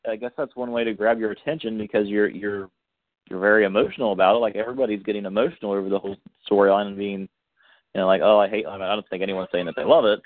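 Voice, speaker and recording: Hesitant low-voiced man on a phone line. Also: no echo. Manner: hesitant, restarts often, laughs along. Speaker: radio show host. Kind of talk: casual chat.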